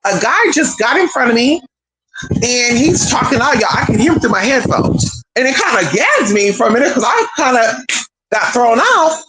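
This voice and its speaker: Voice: medium pitch, sing-song, normal speed, over a noisy crowd, rough recording. A streamer in a casual spiritual monologue, chatty and profane, speaking straight to viewers as y'all and girl.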